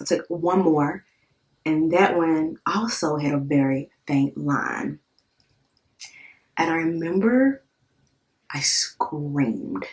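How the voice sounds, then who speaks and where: A woman in her thirties speaks with a low voice, talking straight to her viewers. Her storytelling is candid and emotional, full of fillers and quick repeats. She lets curse words slip when she quotes her own thoughts. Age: 30s. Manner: conversational with many fillers and repeats. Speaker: vlogger. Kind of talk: casual storytelling to camera.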